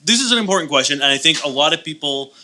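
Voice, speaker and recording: A man co-hosts a live podcast show, rambling through jokes and advice with frequent restarts. His voice is bright and forceful, pitched slightly high, and his delivery stays loose and conversational. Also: animated, racing. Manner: rambling, joking, many restarts. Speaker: podcast co-host. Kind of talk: casual comedic chat. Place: live show venue on stage.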